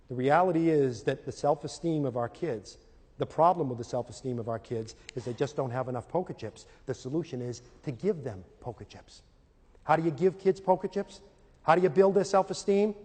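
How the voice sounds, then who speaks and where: A man's voice: on the high side, darkish tone. A middle-aged man giving a live lecture on parenting and teaching to an audience. He tells stories with animation and acts out scenes in character. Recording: hall with long reverb.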